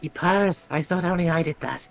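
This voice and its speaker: A man's voice: fairly high pitch, normal speed, creaky, soft background music. A man playing a tabletop game, describing his character in a playful, upbeat, slightly hesitant way. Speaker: player. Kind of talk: tabletop role-play chat.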